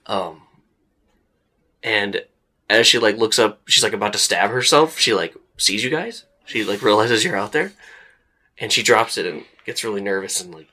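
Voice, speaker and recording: A man with a fairly low voice runs a tabletop role-playing game as its game master. He describes characters and scenes in a loose, chatty way full of fillers. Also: expressive, moderate pace, pushed and bright.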